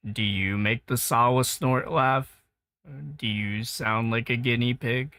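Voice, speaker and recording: A male art streamer chats in a loose, rambling way and breaks into laughter often. His slow, bright voice sounds dry and close. Quiet music plays behind him. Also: medium pitch, no echo. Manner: relaxed, rambling, quick to laugh. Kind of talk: casual art stream chat.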